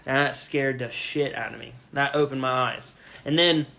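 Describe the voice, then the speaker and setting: A young man co-hosting a podcast, telling a story casually and with lots of swearing, shouting out the lines he quotes. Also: mid-range voice, normal speed, gravelly. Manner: profane, animated retelling with loud shouted quotes. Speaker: podcast co-host.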